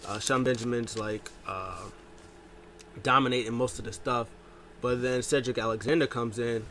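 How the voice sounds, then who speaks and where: Man casually recapping with faint noise. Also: moderate pace. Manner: animated retelling, jumps pitch to quote wrestlers. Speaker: wrestling show recap host.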